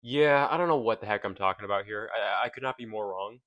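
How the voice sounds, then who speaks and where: A man's voice: fairly low pitch, fast, a bit bright, highs cut off. A tired young man narrating a casual, self-mocking voice-over for his vlog. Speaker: vlogger.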